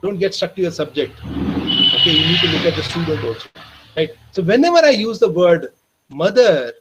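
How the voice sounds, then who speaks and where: Earnest husky Indian man telling a story. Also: a little high, low-quality recording. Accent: Indian English. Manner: earnest, addresses listeners as "my dear friends"; slows and softens for emotional moments. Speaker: teacher trainer. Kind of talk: storytelling lecture. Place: online training session.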